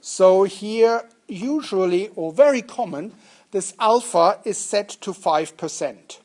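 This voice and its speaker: A university lecturer teaches statistics to students in a lecture room, speaking slowly in a high, slightly mellow voice with lively intonation. He's jokey and interactive, often asking the class questions.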